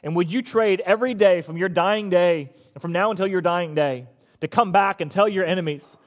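A middle-aged man preaching a sermon in a conversational, humorous way, with lively bursts. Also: high-pitched, normal speed. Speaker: pastor.

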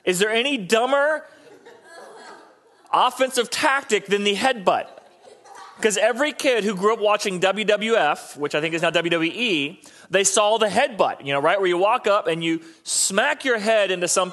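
A man's voice: high-pitched, animated, normal speed, a bit bright. A man preaching a conversational, joking sermon, often restarting his sentences mid-thought. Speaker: pastor.

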